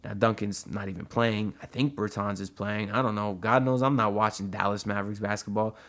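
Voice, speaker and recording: On an audio-only podcast mic, a man runs his own sports podcast solo, chatting loosely with plenty of asides and "uh"s. His voice is lowish and fairly bright, his intonation fairly even, and his pace brisk.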